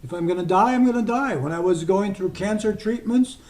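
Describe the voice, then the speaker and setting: An older American hypnotist speaks in a slightly high voice, telling stories to his group. He then eases into slow, soft, deliberate suggestions. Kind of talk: talk to an online group, with guided suggestion.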